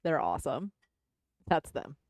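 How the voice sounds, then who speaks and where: A woman co-hosting a livestream raffle, giving event details and briskly hurrying the others along. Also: low voice, sing-song, darkish tone, dry recording, studio quality. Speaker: co-host. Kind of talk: casual livestream chat.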